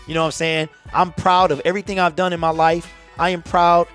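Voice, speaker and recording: Forties guy ranting about his team, kinda high voice, repeats himself a lot, quiet music in the back. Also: level tone, a little fast. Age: 40s. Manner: impassioned, conversational, repeats himself. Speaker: sports channel host. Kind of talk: casual fan commentary to camera.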